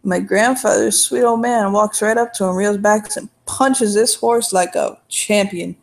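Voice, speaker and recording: A woman's voice: medium pitch, fairly even intonation, unhurried, vocal fry. A woman playing her character in a tabletop role-play game, telling a long, folksy, rambling story in character.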